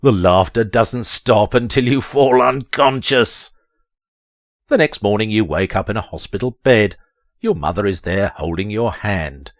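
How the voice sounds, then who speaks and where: A man's voice: measured pace, no room sound. A man narrating a text adventure in a theatrical, dramatic reading voice. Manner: theatrical, leaps to high strained pitch on quoted lines.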